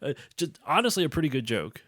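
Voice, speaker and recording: A man's voice: on the high side, big pitch swings, quick pace, fairly bright tone, dry recording, clean studio sound. A man talking casually about a film on a podcast, rambling and correcting himself as he goes. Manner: rambling, self-correcting, laughs easily. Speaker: podcast co-host.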